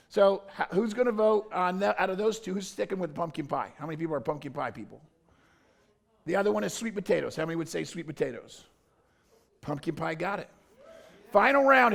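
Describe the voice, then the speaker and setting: A man with a high-pitched voice and a gravelly edge calls out to a church crowd. He is jokey and energetic, stirring the congregation into a playful vote. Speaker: pastor. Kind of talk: playful audience poll from the stage. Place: church service.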